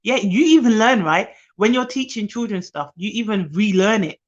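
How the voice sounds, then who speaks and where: A woman who works as a nanny gives chatty, fast-talking advice on a live stream while tired. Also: medium pitch, animated, dull audio.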